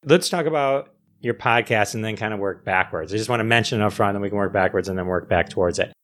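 A man's voice: on the low side, quick pace. A man hosting a podcast, chatting casually with a guest, loose and chatty with lots of fillers. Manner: relaxed, chatty, frequent fillers. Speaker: podcast host. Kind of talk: casual interview chat.

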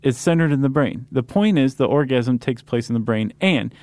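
A man's voice: mid-range voice, animated, moderate pace, a little mellow, no room sound. A man co-hosting a podcast in casual chat, joking and rambling with lots of fillers and restarts. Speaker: podcast co-host.

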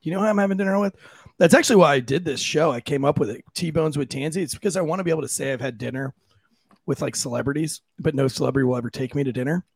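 A man's voice: medium pitch, fast, vocal fry, husky. A man hosting a podcast, chatting casually, telling stories with laughter and plenty of swearing. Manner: laughing, storytelling, swears freely. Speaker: podcast host. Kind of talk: casual chat.

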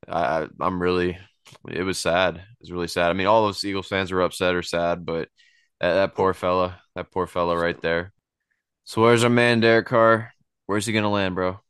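Deep-voiced laid-back male podcast host. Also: little pitch movement, moderate pace, fairly bright tone, clear, resonant tone, no room sound, clean studio sound. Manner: laid-back, rambling, laughs often. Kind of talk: casual sports podcast chat.

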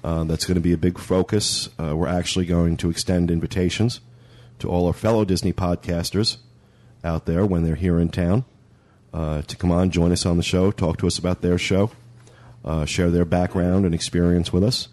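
A man's voice: sits low, little pitch movement, normal speed, a little mellow. A man hosting a podcast in casual chat, talking in a chatty, rambling way. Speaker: podcast host.

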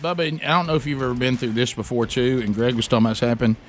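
A man in casual chat, telling an animated story and often stumbling over repeated words. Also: mid-range voice, very fast, slight background noise. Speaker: storyteller guest.

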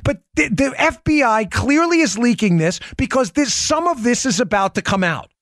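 A man's voice: extremely high pitch, lively intonation, moderate pace, a bit bright, dry recording, studio quality. A man hosting a political commentary podcast, speaking emphatically, firing off rhetorical questions and turning to his co-host by name.

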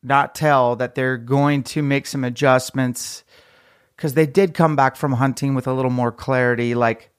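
An earnest, reflective man hosting a podcast, speaking quickly at an ordinary pitch. His voice is smooth and resonant, recorded dry and close with no room sound. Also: steady tone, no echo. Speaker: podcast host. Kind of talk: casual podcast chat.

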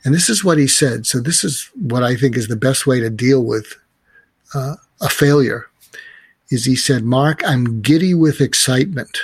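A middle-aged man with a rough, gravelly edge and a slightly husky tone. He tells stories in a loose conversational way, circling back with fillers and restarts. The sound is close and dry. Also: mid-range voice, normal speed, no echo. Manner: storytelling, many restarts and fillers. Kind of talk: casual conversational advice.

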